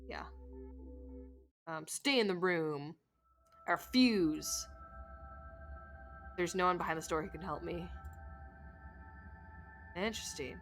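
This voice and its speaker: A woman's voice: on the low side, measured pace, pauses often, a bit bright. Young woman streamer rambling through a game, casual chat, faint music under it. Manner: chatty, rambling, easily moved. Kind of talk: casual live game commentary.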